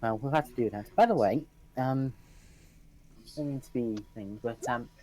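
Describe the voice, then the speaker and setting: A man's voice: medium pitch, moderate pace, warm tone, poor audio. A man playing in a tabletop game, cautious and hesitant, asking careful questions. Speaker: player. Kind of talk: casual tabletop game chat.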